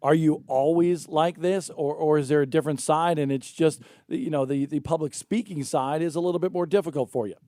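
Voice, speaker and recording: A man hosting a morning radio show, interviewing a young racer with animated, teasing questions. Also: on the high side, brisk, few pauses, dry recording, studio quality.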